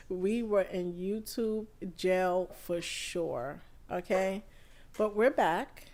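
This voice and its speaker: A woman hosting a live podcast stream, feeling under the weather and chatting in an unhurried, rambling way full of fillers. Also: mid-range voice, darkish tone. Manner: unhurried, chatty, thinking aloud with many fillers. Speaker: podcast host. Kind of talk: casual live-stream talk.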